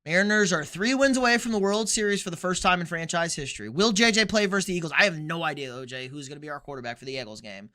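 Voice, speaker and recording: Bright high-voiced man hosting a sports stream. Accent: Texan. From Texas. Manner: blunt, joking, opinionated, quick asides. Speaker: sports livestream host. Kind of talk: casual livestream chat reading comments.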